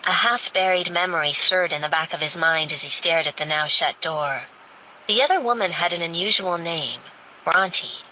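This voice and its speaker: A woman narrating a romance audiobook in a steady, even reading. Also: on the low side, normal speed, slight background noise, low-quality recording.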